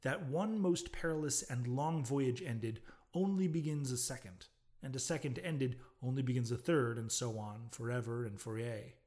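A man's voice: mid-range voice, darkish tone. Man reading a classic novel aloud. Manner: measured, declamatory reading. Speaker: narrator.

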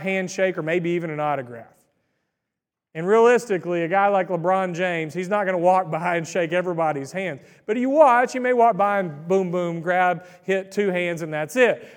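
A man's voice: high-pitched, in a large hall. A man preaching a sermon in a conversational, folksy storytelling way, with asides to the congregation. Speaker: pastor.

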